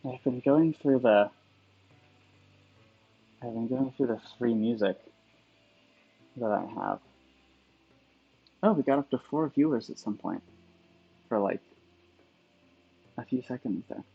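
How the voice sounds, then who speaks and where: A man's voice: medium pitch, takes it slowly, gravelly, pauses often, husky. A man chatting casually on a livestream while he works at calligraphy, thinking aloud and wandering off on tangents. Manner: musing, digressive thinking aloud. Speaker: calligrapher streaming his work. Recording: dull lo-fi sound with faint background music.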